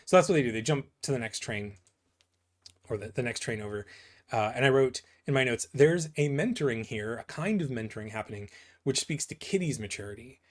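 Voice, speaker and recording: A man's voice: medium pitch, lively intonation, a little fast. Rambling man reviewing comic pages. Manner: rambling, filler-heavy, keeps asking "right?". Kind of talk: casual commentary on comic pages.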